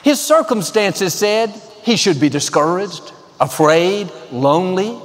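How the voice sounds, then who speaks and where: A man's voice: high voice, expressive, a little slow, long reverb tail, a little hiss or hum. A man preaching a sermon as pastor, upbeat and confident, building to repeated declarations.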